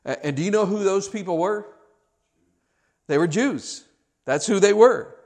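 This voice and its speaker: A man's voice: sits high, lively intonation, unhurried, a little mellow. A male pastor preaching a sermon, earnest and full of rhetorical questions, often restarting his words.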